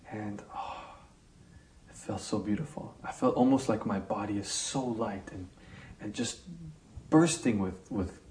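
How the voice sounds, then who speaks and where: Animated man telling a story in an echoey room. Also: fairly low pitch, slight background noise. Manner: animated storyteller, acts out scenes. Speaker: interviewee. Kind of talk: telling a personal story in an interview.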